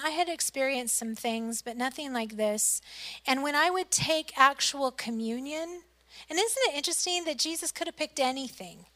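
A middle-aged woman pastor preaching a sermon, telling a personal story earnestly, swinging between loud emphasis and soft, hushed lines. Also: high-pitched.

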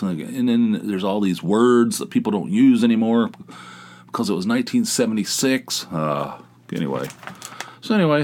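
A middle-aged man hosting a solo podcast, telling stories in a rambling, conversational way. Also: sits low. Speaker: podcast host. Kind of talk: casual solo monologue.

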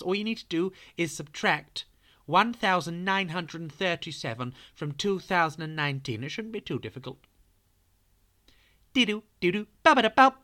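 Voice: medium pitch, a bit bright. Playful children's storyteller. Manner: playful, talks straight to young listeners. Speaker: children's podcast host.

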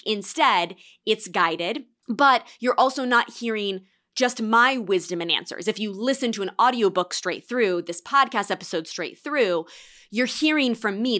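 A woman's voice: medium pitch, fairly bright tone. A woman hosting a reflective solo podcast, coaching listeners in an encouraging tone and reading student quotes aloud. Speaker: podcast host and course mentor.

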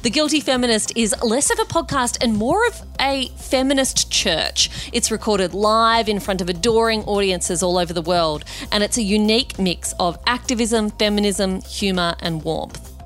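A woman's voice: mid-range voice, normal speed, fairly bright tone, faint music behind. Upbeat woman hosting a podcast. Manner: upbeat, playful. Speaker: podcast host. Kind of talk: scripted intro then interview.

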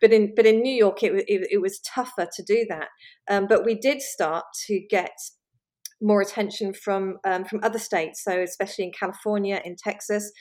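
Woman, interview guest, chatty, laughs a lot, mid pitch. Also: steady tone, normal speed, a little mellow. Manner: chatty, laughs often, many restarts. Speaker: magazine editor, guest. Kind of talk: conversational interview.

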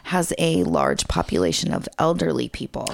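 Gravelly-voiced woman telling profane stories. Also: a bass voice, moderate pace. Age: 30s. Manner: profane, animated storytelling. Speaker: podcast co-host. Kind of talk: casual chat.

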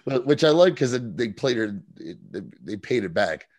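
A man co-hosting a casual podcast, retelling scenes in an animated way with laughs and quick impressions. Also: mid-range voice. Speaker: podcast co-host. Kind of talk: casual recap chat.

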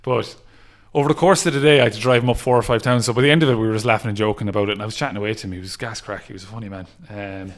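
An Irish man, a music festival promoter, chatting on a podcast and telling lively stories, acting out other people's lines and laughing often. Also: on the low side, very fast, few pauses. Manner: animated storyteller who acts out quotes and laughs often. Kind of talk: casual podcast interview, storytelling.

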